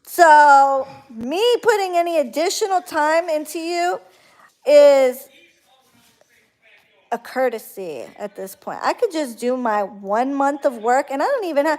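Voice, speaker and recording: A woman's voice: high-pitched, lively intonation, a little slow, a little mellow. A woman who works as a spiritual practitioner, ranting bluntly and profanely in a casual livestream. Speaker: spiritual worker.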